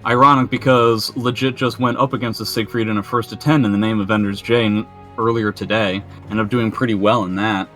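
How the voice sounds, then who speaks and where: A man's voice: fairly low pitch, steady tone, brisk, few pauses, a bit bright. A young man giving analytical play-by-play commentary on a fighting game match, with self-mocking banter. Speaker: esports commentator. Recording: faint music underneath.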